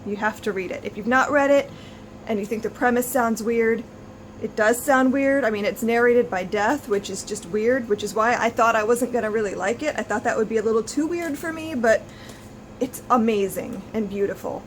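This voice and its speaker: A woman's voice: on the high side, moderate pace, a little hiss or hum, low-quality recording. A woman in her thirties chatting to camera as a book vlogger, gushing and effusive with many restarts. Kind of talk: casual chat to camera.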